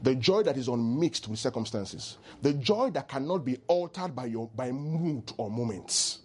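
A man preaching a sermon as pastor, animated and teasing, leading the congregation in call-and-response. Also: mid-range voice, normal speed, slight background noise.

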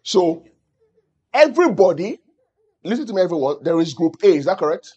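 Husky male pastor teaching with questions. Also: high voice, very animated, a little fast, darkish tone, dull audio. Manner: calls out questions to the audience. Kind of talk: teaching sermon to a congregation.

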